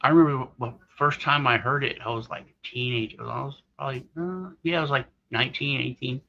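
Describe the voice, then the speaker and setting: A man's voice: mid-range voice, brisk, creaky, bright, forceful tone, a little hiss or hum. A man co-hosting a casual chat, rambling through a story and acting out the other people's lines. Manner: rambling storyteller, acts out quoted voices. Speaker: co-host. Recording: slightly dull lo-fi audio.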